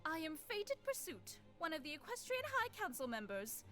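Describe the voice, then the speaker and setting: A woman voicing a stern, formal pony headmistress on a high council, in a fan-made game. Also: wildly swooping pitch, moderate pace, a bit bright, full character voice. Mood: gracious. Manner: formal, prim. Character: stern, proper pony headmistress, middle-aged. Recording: game audio with music behind.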